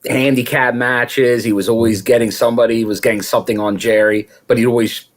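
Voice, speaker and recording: A man co-hosting a casual chat who talks quickly and throws in joking asides. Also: medium pitch, steady tone. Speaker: podcast co-host.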